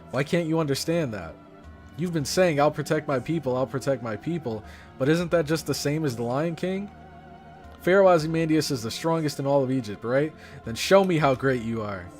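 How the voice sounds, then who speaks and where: A hot-headed young woman monk lectures a king with loud, emphatic indignation, as a man reads her lines. The voice sits a little high and pushes hard on the stressed words. Soft music plays in the background. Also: animated, normal speed, close to an everyday voice. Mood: scolding. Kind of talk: reading game dialogue aloud.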